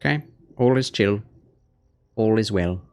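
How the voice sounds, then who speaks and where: Laid back guy streaming a game, low voice, chats slow, coos at his cat, faint music in the back. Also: darkish tone. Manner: talks baby talk and whispers to his cat. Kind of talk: casual gameplay livestream chat.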